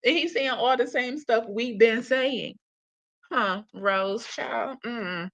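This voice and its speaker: A woman's voice: a little high, slow. A talkative woman on a reaction channel, speaking in a slightly raised voice and slangy, loose phrasing. She laughs easily and talks to her viewers the whole time. The audio is dull and lo-fi. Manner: chatty, slangy, laughs often, addresses viewers as y'all. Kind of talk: casual reaction commentary.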